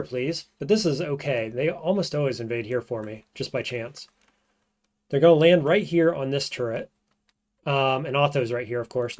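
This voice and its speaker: With a mid-range voice, a male streamer narrates his roguelike run casually, reasoning aloud before drifting into soft mutters again and again.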